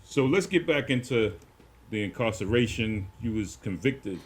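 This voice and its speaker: A man hosting a casual interview, easygoing and quick to affirm his guest. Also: fairly low pitch, lively intonation, breathy edge. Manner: easygoing, frequent short affirmations. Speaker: podcast host.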